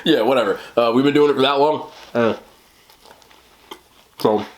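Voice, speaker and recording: A man's voice: mid-range voice, normal speed, noisy background. A tired man from New York rambling casually to his camera at home late at night, chatty and self-deprecating, laughing often. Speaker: mukbang vlogger.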